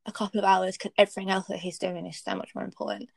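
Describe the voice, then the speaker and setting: A woman's voice: medium pitch, steady tone, fast talker, vocal fry, no room sound. A young woman, candidly telling a personal story in casual chat, blunt and swearing freely.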